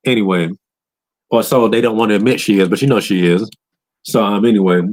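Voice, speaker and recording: A man in a loose, profane rant recapping a video game, often breaking into higher voices to quote characters. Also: a little fast, a little mellow. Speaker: gaming commentator.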